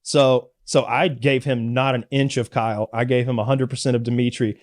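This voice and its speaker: A man from Georgia in the US, a podcast guest telling lively, profane stories in casual chat. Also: medium pitch, normal speed. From Georgia, USA.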